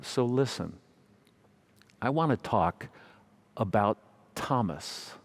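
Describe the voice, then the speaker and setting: A man preaching from the pulpit, spinning a light, self-mocking anecdote. His voice sits at an ordinary male pitch, and he tells the story with easy humor. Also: animated, takes it slowly. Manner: warm humorous storytelling, gentle self-mockery. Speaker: pastor. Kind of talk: storytelling sermon.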